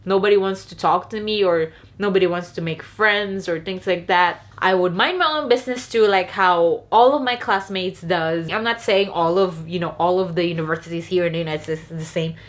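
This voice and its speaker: A woman's voice: fairly low pitch, normal speed, few pauses. Chatty young Filipino woman vlogger. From Philippines. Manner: chatty, candid, full of "like". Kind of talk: storytime vlog.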